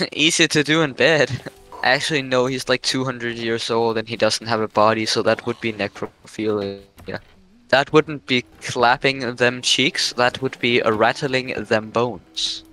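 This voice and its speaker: A man's voice: mid-range voice, steady tone, measured pace, pushed and bright, faint music behind, low-quality recording. Goofy young man chatting over gameplay. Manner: goofy, joking, rambling. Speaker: gaming video host. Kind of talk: casual gameplay chat.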